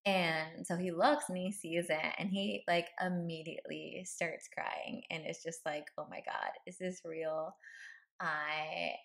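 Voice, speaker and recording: A woman hosts her podcast and tells a personal story in a loose, chatty way, often breaking into laughter. Her voice sits a little low and has a gravelly, fry-tinged edge. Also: fairly bright tone. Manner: chatty, laughs often, many likes and ums. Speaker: podcast host.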